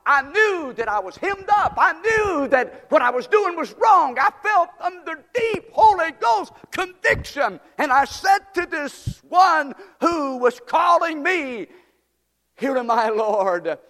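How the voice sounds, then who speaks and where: A fervent male apostle, as a preacher puts him on, tells his story in an impassioned, high, swinging voice that breaks into shouts. The sound trails off in a long hall reverb. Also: sing-song, takes it slowly, full character voice.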